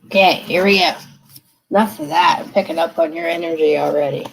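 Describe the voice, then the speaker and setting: A woman's voice: sits low, brisk, low-quality recording. A woman giving a casual live tarot reading from her desk, chatty and reassuring, often checking in with the listener. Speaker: tarot card reader. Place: seated at a desk.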